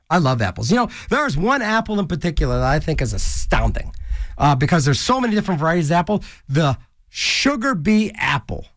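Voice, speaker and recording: Between songs on his college radio show, a man fills the air with silly, rambling banter, jokey asides, and goofy voices from a small studio. He speaks into a studio microphone at a moderate pace, his high voice sing-song and a bit bright, with no echo.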